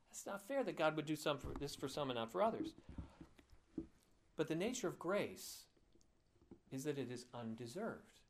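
Conversational male preacher, slightly high voice. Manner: conversational, with asides and laughs. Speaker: pastor. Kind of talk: sermon.

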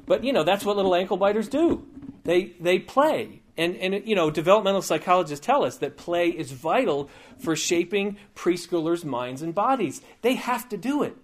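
A man's voice: high voice, lively intonation, normal speed. A man giving a conversational teaching sermon, informal and digressive, with frequent asides and light humor.

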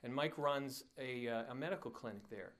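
A man's voice: mid-range voice, moderate pace, fairly bright tone, slight background noise. Pastor guy telling a story from the pulpit, lots of uh's and restarts, chuckles at his own asides. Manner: conversational, with frequent fillers and restarts. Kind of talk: sermon storytelling.

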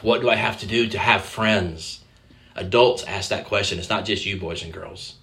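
A man's voice: fairly low pitch, fairly even intonation, moderate pace, sharp tone, a little hiss or hum. A man preaching a conversational sermon, speaking directly to the children in the congregation and acting out quoted voices. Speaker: pastor.

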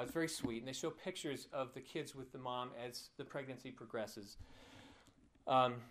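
A pastor preaching a sermon, telling a personal story in an earnest, heartfelt way. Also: male voice, medium pitch.

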